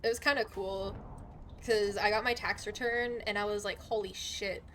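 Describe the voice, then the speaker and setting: A young adult woman streaming a game live, chatting casually and swearing constantly, with loud outbursts. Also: mid-range voice, steady tone, moderate pace, a little hiss or hum. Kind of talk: casual gaming livestream chat.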